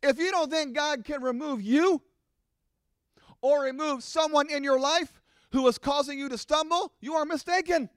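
A middle-aged man preaching a sermon to his congregation, animated and acting out the voices of his listeners. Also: very high voice, moderate pace, dry recording, clean studio sound. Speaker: pastor.

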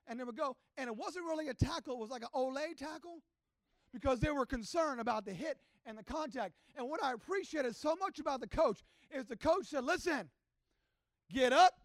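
A man preaching a sermon, telling a story with passion and rising to shouts. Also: very high-pitched, no echo. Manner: impassioned storytelling that builds to shouting. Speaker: pastor.

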